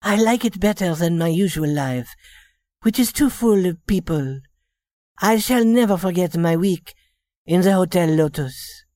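A woman's voice: lowish voice, lively intonation, a little slow, dark tone, no echo, clean studio sound. A woman voicing a young shop girl posing as a rich lady, speaking politely in a scripted story reading. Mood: genteel. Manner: polite, genteel, then plainly candid.

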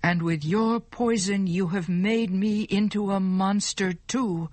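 A woman voicing a bitter, poisoned young man in a slow storybook reading. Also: mid-range voice, darkish tone, no room sound. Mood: accusing. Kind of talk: storybook narration.

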